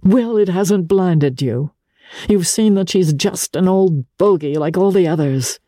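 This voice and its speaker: An audiobook reader voicing a young man pleading urgently with the woman he loves, in a mellow, husky tone. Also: medium pitch, unhurried, dry recording, clean studio sound, pitched above the performer's own voice, natural voice. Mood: earnest. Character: young man, torn and ardent in love. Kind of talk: audiobook character reading.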